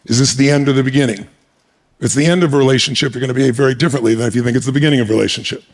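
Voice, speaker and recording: A man telling a personal story on stage as a guest speaker, animated and emphatic, acting out the scenes. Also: mid-range voice, very fast.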